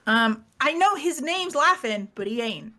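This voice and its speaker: A British woman recapping a tabletop game in casual, rambling chat, self-mocking and quick to laugh. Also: sits high, animated, pushed and bright. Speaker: player giving the recap.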